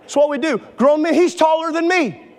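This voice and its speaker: A pastor in his forties preaching a sermon to a congregation in church, passionate and building to shouts. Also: extremely high pitch, normal speed, a faint crowd, a little hiss or hum. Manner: impassioned, builds to shouting, stretches key phrases. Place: church sanctuary before a congregation.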